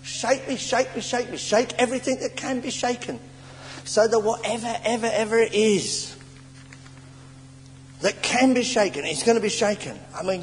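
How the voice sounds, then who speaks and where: A high-pitched English man preaches in a church hall, his voice trailing into a long reverb. He tells stories with stammers, sighs and sudden drops to near murmurs. Faint hiss sits under the old tape. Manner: animated storytelling with stammers and sighs. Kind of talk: sermon.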